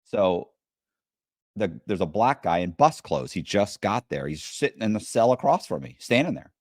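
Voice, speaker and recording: Lively low-voiced man telling stories. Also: moderate pace, no echo, clean studio sound. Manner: profane, animated retelling. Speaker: guest. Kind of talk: casual storytelling.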